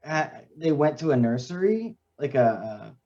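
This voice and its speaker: A man's voice: on the high side, big pitch swings, normal speed, warm tone. Male stream co-host, chatty and teasing, slightly muffled lo-fi mic. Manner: teasing, chatty, interrupts playfully. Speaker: co-host, pancake artist. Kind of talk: casual live-stream chat.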